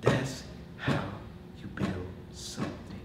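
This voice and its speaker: A man in his forties giving a motivational speech to a business team, telling animated stories, laughing as he goes and addressing the audience directly. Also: slow. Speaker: motivational speaker. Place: corporate meeting room. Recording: echoey room from far off, noisy.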